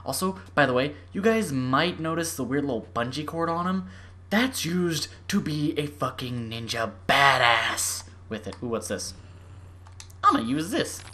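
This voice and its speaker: A young adult gaming YouTuber giving excitable let's-play commentary, gushing and swinging from squeals to murmurs. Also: medium pitch, normal speed.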